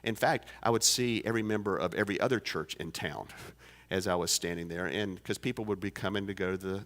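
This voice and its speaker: A pastor in his fifties telling a folksy story during a sermon, with many fillers and restarts. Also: lowish voice. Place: church sanctuary. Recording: long church reverb.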